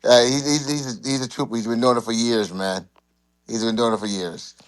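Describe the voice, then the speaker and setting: A man hosting a live debate show, talking casually with halting restarts. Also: mid-range voice, steady tone. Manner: halting, many fillers and restarts. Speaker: host.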